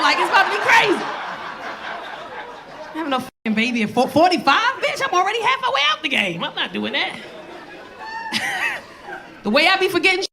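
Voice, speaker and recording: Brassy comedian woman working the crowd. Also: sits high. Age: 40s. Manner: brassy, blunt, cursing, talks straight to the audience. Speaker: stand-up comedian. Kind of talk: stand-up crowd work. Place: comedy club stage with a live audience. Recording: live club sound with crowd laughter and noise.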